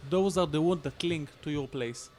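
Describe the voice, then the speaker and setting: A man's voice: on the high side, normal speed, darkish tone, soft background music. A man on a podcast panel explaining search strategy in an instructive, emphatic way. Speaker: SEO panelist. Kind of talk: casual podcast discussion.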